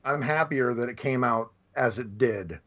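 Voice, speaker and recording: A man from the United States chatting casually about movies on a podcast, retelling scenes in an animated way. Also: mid-range voice, a little slow. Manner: animated storyteller. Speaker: podcast guest. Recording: slightly dull lo-fi audio.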